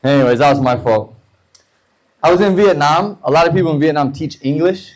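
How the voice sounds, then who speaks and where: With a voice on the high side, this U.S. comic in his thirties works through a stand-up set of rambling, profane stories. He jumps into fast character voices, and the recording quality is low.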